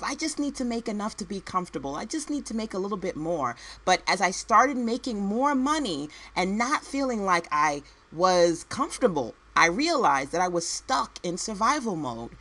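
A woman's voice: lowish voice, bright, forceful tone. A woman entrepreneur and work-at-home mom giving a motivational speech, with punchy one-word headings, repeated phrases and conversational asides to the listener.

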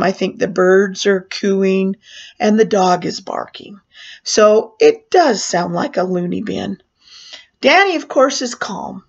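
An older woman telling a personal story with animated delivery, acting out her own panic in a raised voice. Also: mid-range voice. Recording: dull lo-fi sound.

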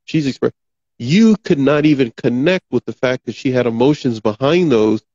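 A man's voice: medium pitch, moderate pace, darkish tone, no echo, highs cut off. Man hosting a probing interview. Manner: probing, restates and sums up the guest's words. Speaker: podcast host. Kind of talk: interview conversation.

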